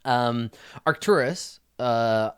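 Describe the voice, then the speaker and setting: A man's voice: medium pitch, animated, very slow, a bit bright, clean tone. A man narrating as dungeon master in a loose, rambling casual way. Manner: loose, rambling, filler-heavy. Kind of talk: casual tabletop game narration.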